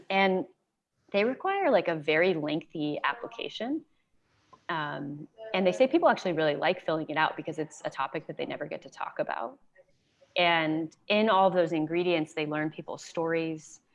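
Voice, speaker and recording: A woman in her thirties with a notably low-pitched voice speaks as a guest in a casual Q&A over a video call. She is conversational and upbeat, with frequent "like" fillers. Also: lively intonation, normal speed, fairly bright tone. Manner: conversational and enthusiastic, sprinkles in "like".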